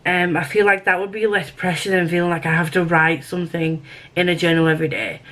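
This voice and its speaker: A woman's voice: fairly low pitch, level tone, brisk, fairly bright tone, rough recording. A British woman chatting casually in a book review vlog, rambling and self-deprecating, often restarting her sentences.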